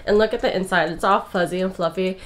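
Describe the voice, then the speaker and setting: A woman's voice: medium pitch, fairly even intonation, fast talker. A young woman in her twenties gushes through a casual show-and-tell of her gifts, sounding a little out of breath. She chats easily and giggles often, recorded at home in her bedroom. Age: 20s. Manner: chatty and gushing, giggles often. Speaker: vlogger.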